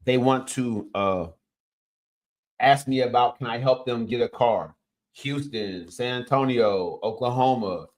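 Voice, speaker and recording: A man's voice: medium pitch, a little slow. A man, a coach and host giving an emphatic, casual motivational talk. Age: 50s. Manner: energetic, emphatic, punchy interjections.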